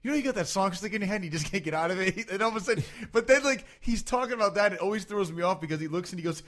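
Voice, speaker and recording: A man co-hosting a podcast, talking about movies in a loose, animated way, with lots of swearing and laughter. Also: sits high, rapid-fire. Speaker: podcast co-host. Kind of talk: casual chat about movies.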